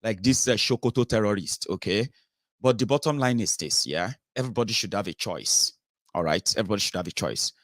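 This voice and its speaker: This Nigerian political commentator gives an impassioned, emphatic monologue full of rhetoric and filler sounds. His lowish voice has a fairly bright tone and moves a little fast. The studio-quality audio has no echo.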